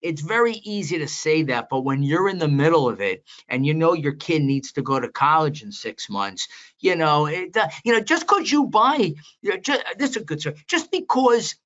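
An older man recounts his past in an interview, stopping and restarting as he goes and then getting animated. The audio is a little muffled and lo-fi. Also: a little high, normal speed. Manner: rambling, animated anecdotes with many restarts. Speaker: guest, veteran market analyst. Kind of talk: storytelling interview.

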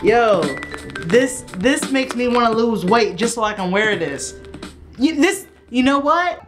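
A woman's voice: fairly high pitch, animated, unhurried, music in the background. A young woman in her studio apartment unboxing packages in a casual vlog, playful and slangy, sometimes breaking into song. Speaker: vlogger.

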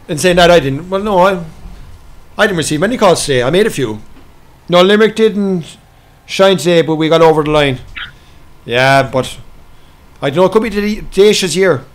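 A man's voice: sits high, animated, moderate pace, long pauses. An Irish man hosting a live farming game stream, reading out chat and slagging his friends. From Ireland. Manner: banter and slagging, reading out chat, frequent laughs. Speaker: livestream host.

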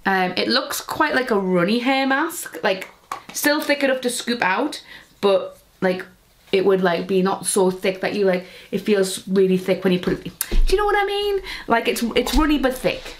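A woman's voice: mid-range voice, moderate pace. A young woman chatting casually while unboxing beauty products, rambling with lots of fillers. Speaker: beauty vlogger.

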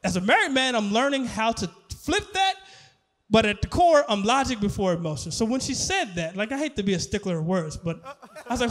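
A man performing a stand-up comedy set on stage, animated, laughing and shouting at his punchlines. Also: sits high, brisk. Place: comedy stage before a live audience.

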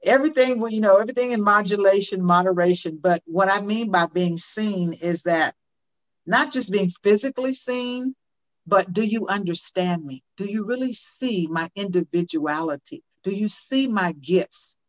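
A woman's voice: medium pitch, normal speed. An older woman speaking as a guest in an interview, earnest and emphatic, often repeating questions for effect. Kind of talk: conversational interview. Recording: dull lo-fi audio.

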